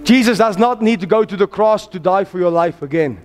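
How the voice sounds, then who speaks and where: High-voiced fervent male preacher. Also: fairly quick, soft background music. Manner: fervent, exhorting, builds to shouts; calls on the congregation to repeat after him. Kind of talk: sermon.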